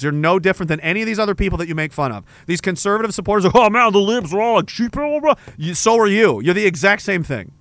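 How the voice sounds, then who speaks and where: Reading chat comments aloud, this man hosts a podcast livestream full of crude, sarcastic ranting. He speaks in a high, slightly bright voice, and the recording has no room sound.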